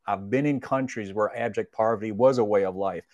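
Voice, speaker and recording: A man's voice: fairly low pitch, a little fast, no echo, muffled recording. A middle-aged man, a retired police officer as a podcast guest, telling stories in an earnest, reflective way. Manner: earnest, reflective, gently persuasive. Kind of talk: casual storytelling conversation.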